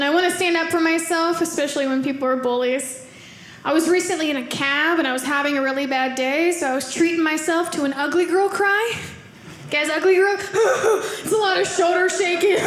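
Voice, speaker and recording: A woman performing a stand-up comedy set on stage, chatty and self-mocking, often laughing at her own jokes. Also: high-pitched. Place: comedy club stage before a live audience. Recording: roomy live venue with audience noise.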